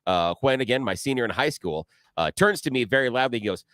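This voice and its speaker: A middle-aged man, a radio co-host with teenage kids, telling a quick, laughing story. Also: mid-range voice, dry recording. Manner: quick, animated, laughing banter. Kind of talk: casual radio chat. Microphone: studio microphone.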